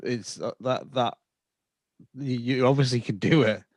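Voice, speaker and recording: A man hosting a podcast interview. He speaks in a halting way and repeats words while working out his point. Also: mid-range voice, a little mellow. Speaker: podcast host. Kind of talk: interview chat.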